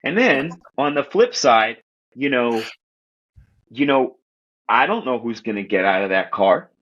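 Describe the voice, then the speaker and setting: A man from Queens, New York, telling stories as a podcast guest in animated, casual talk, swearing and acting out what people said. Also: medium pitch, a little slow, muffled recording. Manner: animated, profane, acts out quoted voices. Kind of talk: casual storytelling chat.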